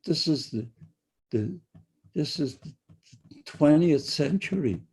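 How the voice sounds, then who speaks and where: An older man speaks slowly in a husky, mellow voice as he gives his testimony to students. He often halts, repeats himself and restarts his phrases. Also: a little high, expressive. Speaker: Holocaust survivor speaker.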